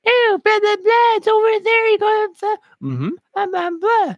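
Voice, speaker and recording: A man voicing a bubbly young woman in a squeaky falsetto, gushing as she answers a stranger. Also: very animated, unhurried, no echo, dull audio, exaggerated voice.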